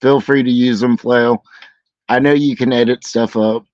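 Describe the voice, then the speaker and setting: A man's voice: medium pitch, steady tone, moderate pace, darkish tone, no room sound, dull audio. A male panelist on a live stream who talks in a mild, easygoing, conciliatory way.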